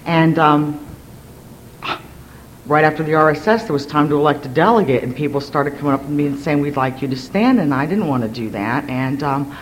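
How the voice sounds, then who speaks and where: Woman from Virginia, hyper storyteller, restarts and asides, faint rumble behind. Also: fairly quick, rough recording. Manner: energetic, rambling, many restarts and self-deprecating asides. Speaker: speaker sharing at a recovery gathering. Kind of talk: personal story told to a gathering.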